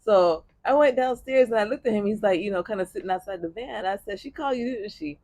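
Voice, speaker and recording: A woman telling a personal story in casual chat, blunt and profane, with an animated delivery. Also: mid-range voice, quick pace, no room sound. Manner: blunt, profane, animated retelling with bursts of laughter.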